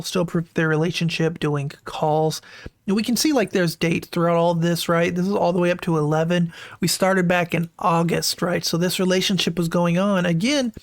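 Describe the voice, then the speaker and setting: A man hosting a casual online commentary, talking through screenshots in a chatty way and often checking in with "right?", with disgusted, incredulous asides. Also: high-pitched. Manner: chatty, keeps asking "right?".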